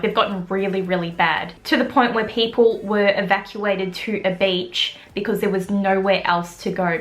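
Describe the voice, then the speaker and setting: This is a young Australian woman chatting straight into her vlog camera. She talks in an open, candid way and gets emotional, swearing casually as she goes. Her voice sits at an ordinary middle pitch for a woman. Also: a bit bright. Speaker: beauty vlogger.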